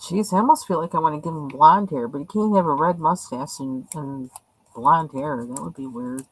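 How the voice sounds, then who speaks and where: A woman's voice: low voice, moderate pace, a little hiss or hum, rough recording. A woman hosting a live coloring stream, chatting casually in a rambling, hesitant way with many fillers. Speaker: livestream host coloring. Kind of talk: casual chat while coloring.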